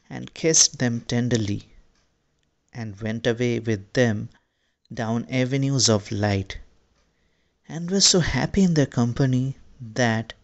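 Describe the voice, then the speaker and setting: A man reading a storybook in a slow, measured scripted narration. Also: medium pitch, vocal fry, dull audio. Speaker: audiobook narrator.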